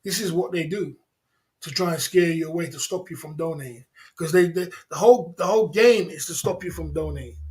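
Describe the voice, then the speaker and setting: A man's voice: on the high side, brisk. A man hosting a livestream, talking casually and emphatically, repeating himself and laughing often. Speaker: livestream host.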